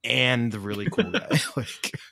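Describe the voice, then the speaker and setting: A man in casual podcast chat, animated and quick to laugh as he walks through scenes. His voice sits at an ordinary middle pitch. It is recorded close and dry, with no room sound. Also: gravelly, no echo. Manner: chatty, laughs often, animated retelling. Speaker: podcast co-host.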